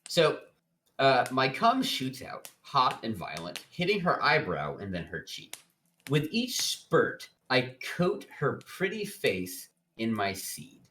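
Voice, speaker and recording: A man's voice: medium pitch, wildly swooping pitch, takes it slowly, bright, forceful tone, a little hiss or hum. A man co-hosting a casual comedic book review, reading passages aloud in a wry, mock-dramatic way. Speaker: podcast co-host.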